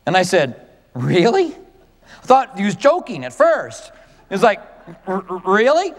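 A male pastor preaching a conversational, animated sermon to his congregation. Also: sits high, moderate pace, long reverb tail.

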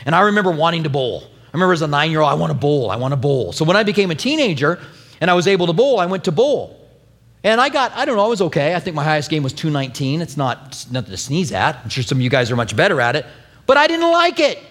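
Animated male pastor preaching a sermon. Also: on the high side, very fast, long reverb tail. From New Mexico. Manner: animated storytelling with acted-out quotes.

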